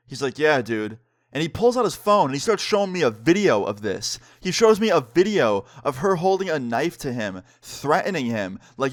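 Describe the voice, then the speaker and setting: A man's voice: medium pitch, lively intonation, fairly quick, no echo, clean studio sound. Young man telling a casual storytime. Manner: casual, slangy, heavy use of "like" and "dude"; acts out both sides of conversations. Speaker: vlogger. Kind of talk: storytime narration.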